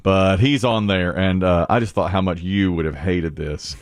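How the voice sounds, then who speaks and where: A man's voice: sits low, normal speed, no room sound, clean studio sound. A man co-hosting a morning radio show, telling a story in casual banter and laughing often. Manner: animated storytelling with frequent laughs.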